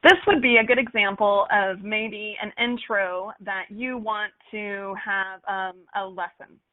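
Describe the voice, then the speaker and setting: A woman giving an upbeat, animated lesson on email copywriting for golf courses, using playful examples. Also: mid-range voice, unhurried. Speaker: marketing instructor for golf courses. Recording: phone-like narrow sound.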